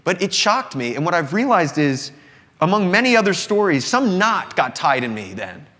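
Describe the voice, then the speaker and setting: High and sing-song, pushed and bright, his voice moves at a normal speed. He is a singer-songwriter in his thirties from the Southern United States, earnestly and reflectively confessing to a live audience in an indoor company showroom, with long live-room reverb on the recording.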